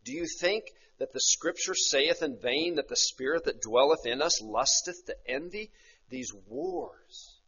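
A man preaching an expository sermon, slowing on key phrases and often tagging rhetorical questions onto his points. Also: a little high, expressive, pushed and bright, breathy edge. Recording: muffled lo-fi recording.

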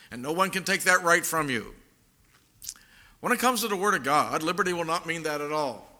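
A man preaching a sermon, reading scripture aloud and stressing key words with emphatic rises and drawn-out pauses. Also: high voice, bright, forceful tone. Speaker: pastor.

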